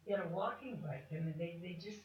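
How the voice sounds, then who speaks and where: A hoarse woman from the public making a comment at a council meeting, chatty and rambling as she searches for words. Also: lowish voice, brisk, a little hiss or hum. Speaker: member of the public speaking at council. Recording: echoey chamber, distant mic, dull sound.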